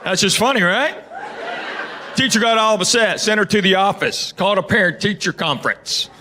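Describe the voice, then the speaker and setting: A man's voice: high voice, normal speed. A middle-aged man performing a stand-up comedy routine, telling stories in a drawling, conversational way with asides to the crowd. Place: comedy club stage with a live audience. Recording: live club recording with audience noise.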